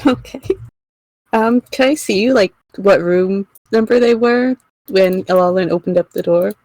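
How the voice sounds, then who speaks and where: A woman's voice: mid-range voice, unhurried, a little mellow, no echo, low-quality recording. A woman player in a tabletop game, talking casually and a little hesitantly.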